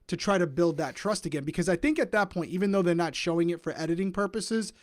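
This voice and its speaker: A man's voice: high-pitched, animated, fast, no room sound, clean studio sound. A man co-hosting a casual recap chat, thinking aloud and often hedging with "I think". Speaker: podcast co-host.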